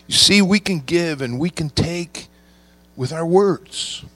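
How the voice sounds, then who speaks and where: A man preaching a sermon, reading scripture and slowing down to stress key words. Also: a little high, fairly bright tone, no room sound. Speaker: pastor.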